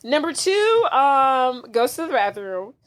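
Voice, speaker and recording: A woman's voice: high-pitched, slow. A woman co-hosting a podcast, recapping a movie in casual chat and laughing often as she tells the story. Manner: giggly, animated storytelling. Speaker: podcast co-host.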